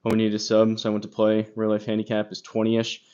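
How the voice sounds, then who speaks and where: A man's voice: fairly low pitch, completely flat delivery, quick pace, mellow, smooth. A man casually chatting on a golf live stream, rambling with lots of fillers and reading chat comments aloud, recorded on a phone. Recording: slightly dull phone audio with crackle.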